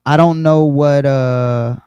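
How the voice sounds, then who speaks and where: Dark-voiced man teaching scripture. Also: on the high side, steady tone, slow pace, clean tone, no echo, low-quality recording. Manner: explanatory, repeats and restarts words. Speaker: Bible teacher. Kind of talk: online Bible study teaching.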